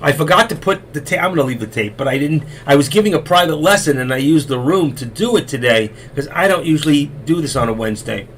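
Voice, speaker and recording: A man's voice: fairly high pitch, lively intonation, quick pace, hardly any pauses, a bit bright, a little hiss or hum. A middle-aged man hosting a live stream, telling rambling folksy stories and losing his voice. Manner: chatty, folksy, repeats himself. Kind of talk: rambling casual storytelling.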